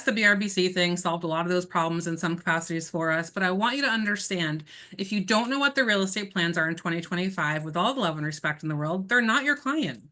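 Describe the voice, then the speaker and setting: A woman's voice: fairly low pitch, sharp tone. A woman giving a real estate coaching session over a video call, talking directly and with emphasis to her listeners.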